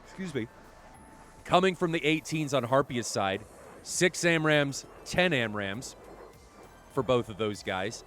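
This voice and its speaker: A man's voice: medium pitch, expressive, unhurried, long pauses, fairly bright tone, faint music behind. A man giving live play-by-play commentary on a flight simulator match, chatty and often correcting himself. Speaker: esports commentator.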